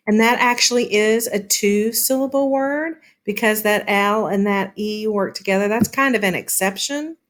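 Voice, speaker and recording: A woman teaching a lesson, explaining patiently and sounding words out slowly, with frequent "um" fillers. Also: mid-range voice, fairly bright tone. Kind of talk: classroom lesson on syllables.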